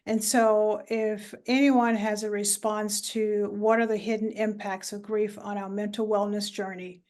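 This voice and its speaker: A woman presenting a talk on grief in an online webinar, speaking in a measured way with many filler sounds. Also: mid-range voice.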